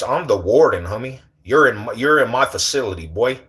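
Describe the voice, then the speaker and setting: A man chats casually on his livestream. He talks in loose slang, animated and teasing as he banters with the people watching. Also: medium pitch, fairly quick, few pauses. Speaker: livestream host.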